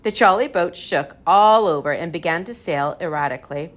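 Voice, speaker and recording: A woman reading a children's storybook aloud in a lively, expressive way. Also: fairly low pitch, moderate pace. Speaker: narrator.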